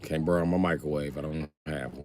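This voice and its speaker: A man's voice: extremely low pitch, a little fast, a little hiss or hum. A man live streaming, telling stories in a casual, boastful way, full of swearing. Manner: profane, animated, boastful.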